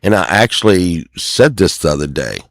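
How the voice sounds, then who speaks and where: A middle-aged man talks in a deep, low voice, rambling through a casual venting monologue on his own show. He keeps acting out what other people say to him. The sound is dry and close, with no room echo. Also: very animated, moderate pace, creaky. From Texas. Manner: sings a few lines softly. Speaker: show host.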